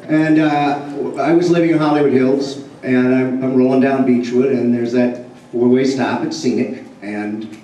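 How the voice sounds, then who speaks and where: A man telling a rambling, animated story to a convention audience, acting out the dialogue. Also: mid-range voice, a little slow, highs cut off, a little hiss or hum. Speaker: convention panel guest. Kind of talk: storytelling anecdote to a live audience. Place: large convention hall. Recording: echoey hall, mic heard from far off. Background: audience laughing.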